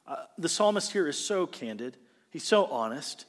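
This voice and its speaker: A man preaching a sermon as pastor, earnest and expressive, reading scripture with feeling during a morning church service. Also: fairly high pitch, normal speed. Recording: long hall reverb.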